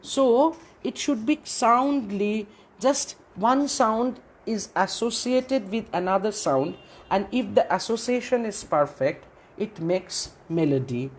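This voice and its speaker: A woman lectures on literature at an unhurried pace. Her voice has a slightly husky, breathy edge. She asks her own questions, answers them, and repeats key phrases. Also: medium pitch, lively intonation. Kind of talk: classroom lecture.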